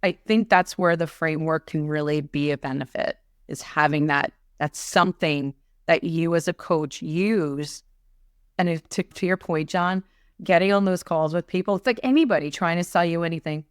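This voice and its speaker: A middle-aged woman coach in a conversational podcast discussion, animated and often acting out clients in quick asides. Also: sits low, clean tone, no room sound, studio quality.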